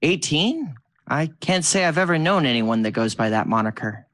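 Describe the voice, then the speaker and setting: A man voicing a calm, kindly female ice goddess who speaks in a measured, gentle way. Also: fairly high pitch, dry recording. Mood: reassuring.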